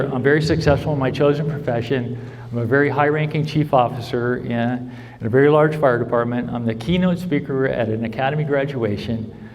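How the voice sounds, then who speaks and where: A man's voice: mid-range voice, darkish tone. A man gives a heartfelt personal talk at a convention, checking in with the crowd by asking "right?" again and again. His voice sits in an ordinary middle range. It rings out through a large hall with a long reverb tail. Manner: earnest storytelling, asks "right?" often. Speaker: recovery speaker.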